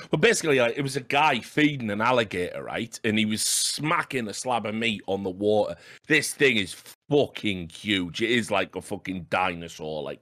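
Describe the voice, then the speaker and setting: A man's voice: mid-range voice, a bit bright. A man hosting a casual esports podcast, telling rambling, swear-filled anecdotes with stammered restarts. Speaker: podcast host.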